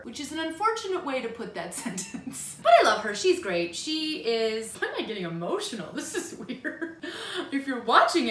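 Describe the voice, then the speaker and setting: Midwestern woman in her thirties, chatty home vlogger, a bit high, roomy sound. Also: fairly bright tone. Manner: chatty, self-deprecating, bursts into silly high voices. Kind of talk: casual monthly favorites vlog. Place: home room. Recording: echoey room.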